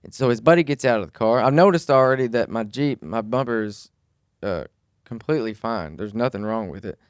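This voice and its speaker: A man, co-hosting a podcast, telling a story in a casual, animated way and swearing freely. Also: medium pitch, brisk, smooth, no room sound, studio quality. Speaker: podcast co-host.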